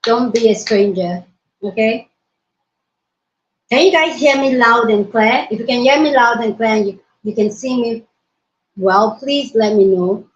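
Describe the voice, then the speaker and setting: A woman hosting a casual livestream from her mobile phone, hyper, excitable and loud as she greets her viewers. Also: a little high, a little slow, long pauses. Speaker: livestream host. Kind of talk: casual live-stream chat. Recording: roomy, dull lo-fi phone audio.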